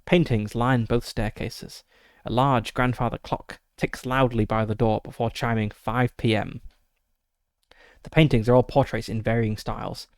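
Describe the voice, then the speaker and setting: A man with a gravelly, crackly voice reads a solo tabletop adventure aloud, dropping in frequent "uh" fillers and side remarks. He sounds close and dry, with no room around him. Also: medium pitch, measured pace, no room sound. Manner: steady descriptive reading with frequent "uh" fillers. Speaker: streamer running a solo tabletop game. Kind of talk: reading a gamebook aloud with asides.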